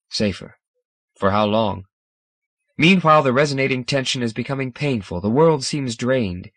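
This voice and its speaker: Man reading a scifi audiobook, dramatic measured delivery, close dry mic. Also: medium pitch, lively intonation, a bit bright, no echo. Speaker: audiobook narrator. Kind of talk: scripted narration.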